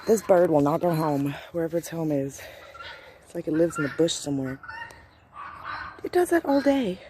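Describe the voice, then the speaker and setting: A woman's voice: deep voice, expressive, moderate pace, dark tone, a little hiss or hum. A woman filming on her phone outdoors at home, casually scolding and trash-talking a stray bird. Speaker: vlogger. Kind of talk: casual phone-video commentary.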